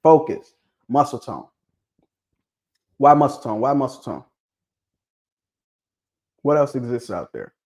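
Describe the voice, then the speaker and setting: A mid-pitched man speaks in on a casual livestream. He is lively and keeps pressing his audience with repeated questions. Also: slow, pauses often. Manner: animated, prodding viewers with questions, repeats himself. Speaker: livestream host discussing dog pedigrees.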